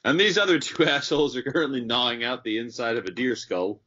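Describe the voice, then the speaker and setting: A man's voice: mid-range voice, fast, bright, forceful tone, highs cut off, slight background noise. A man chatting casually on a podcast, animatedly reading out listener questions.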